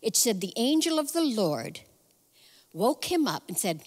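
A woman's voice: a little high, very animated, unhurried, in a large hall. A woman preaching a sermon in a conversational, storytelling way, acting out the voices in the story. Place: church hall.

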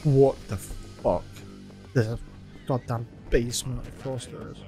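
A man's voice: medium pitch, steady tone, unhurried, mellow, faint music behind. A man giving a jumpy, swear-filled running commentary while playing a video game, talking to himself and to the characters on screen. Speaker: gaming video host. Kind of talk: let's play commentary.

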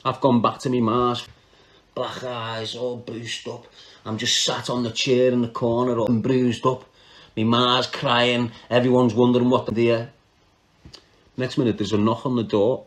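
A man's voice: medium pitch, moderate pace. A man with a Liverpool accent telling a crime story in casual, slangy talk, laughing often and breaking off mid-sentence. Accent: Liverpool (Scouse). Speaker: podcast storyteller.

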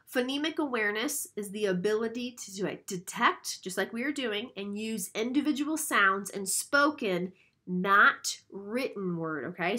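A woman's voice: on the high side, pushed and bright. Female instructor, recorded lecture, explanatory delivery, frequent "okay?" check-ins. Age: adult, a mother.

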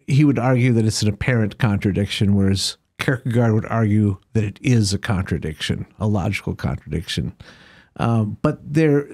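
A man, the guest of an interview, telling a long joke with animated character voices, then discussing philosophy. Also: medium pitch. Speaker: guest author. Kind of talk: conversational interview, storytelling jokes.

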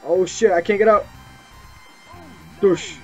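A young man giving excited gameplay commentary, yelping and swearing as he plays. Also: high-pitched, slow pace, slightly rough. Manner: excitable, yelps and swears at the game. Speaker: gameplay streamer. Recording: muffled lo-fi mic with game music.

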